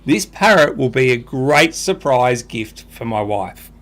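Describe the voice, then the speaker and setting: A man's voice: medium pitch, lively intonation, measured pace, a bit bright, pitched below the performer's own voice. A man voicing a frustrated husband in a told joke. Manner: blunt and frustrated.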